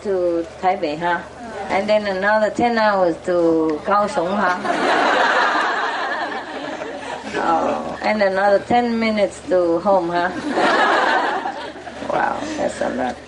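Slow sing-song woman in a noisy crowd. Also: medium pitch, expressive. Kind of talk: casual talk to a pet bird and a visitor. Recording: loud crowd and background noise.

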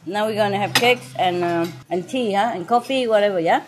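A woman's voice: mid-range voice, brisk. A woman hosting guests at her restaurant table, joking, laughing often and chatting in non-native English with bits of French. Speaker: restaurant owner and host. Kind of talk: casual dinner chat with guests. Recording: noisy dining room with clinking dishes.

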